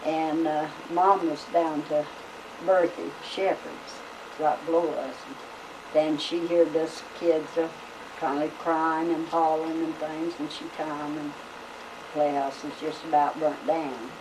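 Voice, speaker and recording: An older woman spins folksy family tales. She rambles, full of uhs and you-knows, in a lowish voice. The voice comes from a camcorder across the room, with a faint hiss behind it. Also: flat delivery, a little slow. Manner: folksy, rambling, with many fillers. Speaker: family storyteller. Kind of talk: casual storytelling. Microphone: camcorder microphone. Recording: home video camera from a distance, faint hiss.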